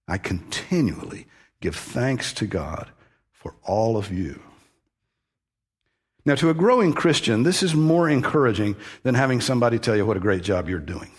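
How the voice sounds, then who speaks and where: Husky-voiced man teaching a sermon. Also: mid-range voice. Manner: conversational teaching with frequent restarts, stressing key words. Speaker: pastor.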